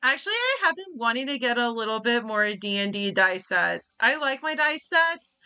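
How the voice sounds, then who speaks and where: A woman's voice: on the high side, sing-song, normal speed, bright, forceful tone, clear, resonant tone. A woman in her twenties chatting as she streams a game, rambling with lots of fillers. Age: 20s. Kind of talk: let's-play commentary and chat.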